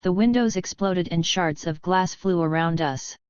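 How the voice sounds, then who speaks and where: A woman giving a slow, grave, measured audiobook reading of first-person testimony. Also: fairly low pitch, a little mellow, clear, resonant tone, dry recording, muffled recording.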